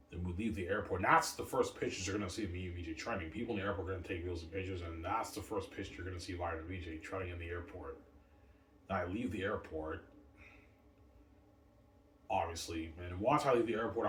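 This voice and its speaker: A man rambling and boasting in a repetitive monologue, recorded in a roomy space far from the mic. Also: low voice. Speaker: vlogger. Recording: roomy, distant from mic, faint noise.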